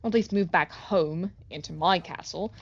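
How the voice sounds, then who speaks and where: A woman's voice: fairly low pitch, normal speed, muffled recording. A woman who is not a native English speaker, streaming a game in a rambling, self-mocking way and swearing casually.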